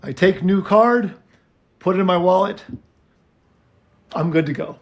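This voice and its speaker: A man's voice: high voice, measured pace, muffled recording. A man co-hosting a casual chat, telling a story and acting out both sides of his phone calls. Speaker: podcast co-host.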